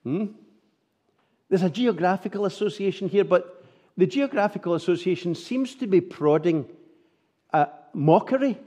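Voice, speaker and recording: A man's voice: high voice, animated, moderate pace, dark tone. A man preaching a sermon, earnest and full of rhetorical tag questions.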